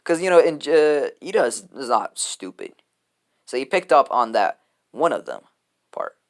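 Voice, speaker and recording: A man's voice: mid-range voice, very animated, moderate pace. A man tells a fan story off the cuff, rambling and offhand. His delivery is loose and full of fillers and restarts, like casual talk rather than a reading. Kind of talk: casual improvised story retelling.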